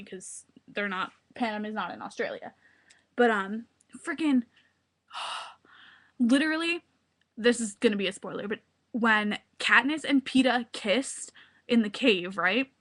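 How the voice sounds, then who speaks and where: A young woman talking excitedly into her webcam at home, gushing and full of filler words. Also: a little high. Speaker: vlogger. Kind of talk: excited casual webcam vlog. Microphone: webcam mic.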